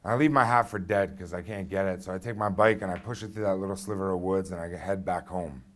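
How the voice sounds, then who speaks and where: A man's voice: low-pitched, fast talker. A man in his thirties telling a personal story on stage into a microphone, conversational and blunt with frequent fillers. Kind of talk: live first-person storytelling.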